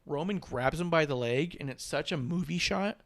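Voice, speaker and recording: Podcast co-host, male, slightly higher voice, animated storyteller who acts out quotes. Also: normal speed. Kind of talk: casual wrestling recap chat.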